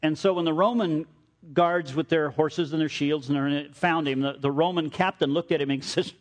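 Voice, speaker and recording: Guy preaching, lively storyteller, repeats himself, voice sits kinda high. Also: moderate pace. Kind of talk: sermon.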